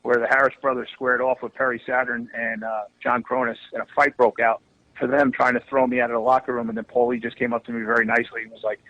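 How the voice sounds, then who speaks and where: Animated man telling backstage stories. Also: medium pitch, quick pace, dry recording, dull audio. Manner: animated storyteller, swears freely. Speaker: wrestling promoter guest. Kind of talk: storytelling in casual podcast chat.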